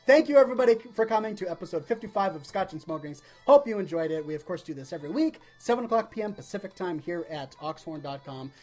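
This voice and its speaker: A man hosting a casual live web talk show, telling stories in a chatty, animated way. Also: sits high, fast talker, few pauses. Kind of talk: casual live webcast chat.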